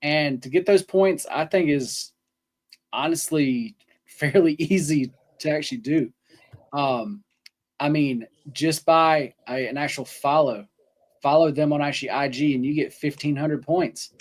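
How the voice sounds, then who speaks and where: A man's voice: fairly high pitch, measured pace. Laid-back man rambling about bets. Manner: casual, rambling, many ums and restarts. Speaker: co-host. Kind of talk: sports betting podcast chat.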